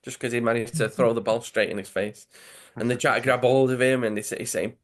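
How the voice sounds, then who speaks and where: Sex: man. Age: adult. Role: podcast co-host. Style: casual, animated comic-story retelling over a video call. Pitch: middle. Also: fast talker. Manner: animated, acts out characters' lines.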